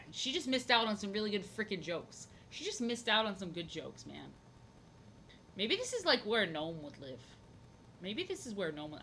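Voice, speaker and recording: A woman's voice: medium pitch, pushed and bright, slight background noise. A young woman chatting casually on her drawing stream, rambling, goofy and repeating herself. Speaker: art streamer.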